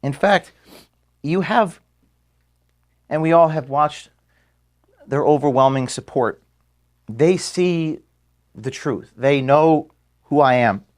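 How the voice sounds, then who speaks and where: A man, the founder of an organization, giving an earnest farewell speech to his staff in an office. He is emotional and halting, with restarts and pauses, and is being filmed. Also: fairly high pitch. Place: office room at headquarters. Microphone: filmed by camera.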